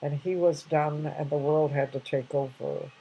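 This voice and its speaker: A woman's voice: sits low, steady tone, normal speed, gravelly, warm tone, husky, low-quality recording. An older woman casually sharing reflective anecdotes, rambling with many restarts and fillers.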